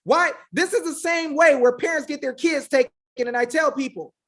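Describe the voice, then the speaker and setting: A woman with a high-pitched voice delivers a fiery, preachy monologue straight to her viewers. She piles up rhetorical questions and keeps calling them y'all. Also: a little fast. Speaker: online legal rights commentator.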